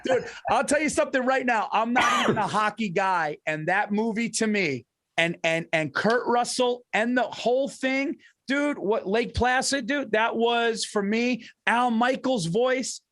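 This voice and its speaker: Excitable high-voiced man in a dry studio. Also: unhurried, no room sound. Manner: animated, swearing storyteller who acts out quotes. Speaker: co-host. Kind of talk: casual podcast chat with ad read.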